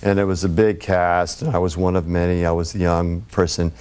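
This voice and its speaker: A man's voice: low-pitched, flat delivery, a little fast, darkish tone, clean tone. A man telling rambling, laughing anecdotes as a guest on a TV talk show. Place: TV studio.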